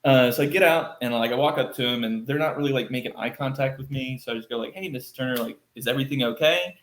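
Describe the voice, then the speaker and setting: A man from Texas, a podcast guest, telling a story in a casual, animated way, acting out quoted lines with lots of fillers. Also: medium pitch, fast. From Texas, United States. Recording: roomy echo.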